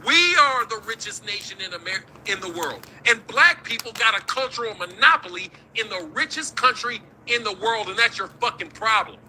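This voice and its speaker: Heated, high-voiced man ranting. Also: animated, moderate pace, hardly any pauses, pushed and bright, slight background noise, poor audio. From United States. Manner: profane, heated, combative. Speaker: boxing talk show host. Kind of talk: livestream rant.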